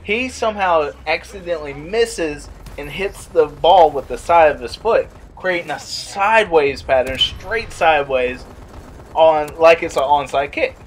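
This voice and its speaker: A young man vlogging, telling a casual story and acting out the quotes in a higher voice. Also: measured pace, a little hiss or hum. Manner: animated, acts out quotes in a higher voice.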